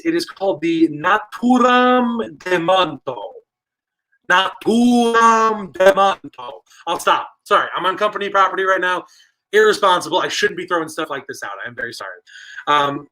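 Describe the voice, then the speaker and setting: Playful bright-voiced man hosting trivia. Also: sits high, rough recording. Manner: playful, jokey, reads out viewer answers. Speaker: trivia night host. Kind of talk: casual livestream hosting, reading chat. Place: store basement with stone walls.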